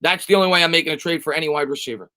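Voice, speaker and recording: Very fast, a little high, pushed and bright, this male voice belongs to a sports live-streamer. He chats loosely while reading out and responding to comments from his viewers.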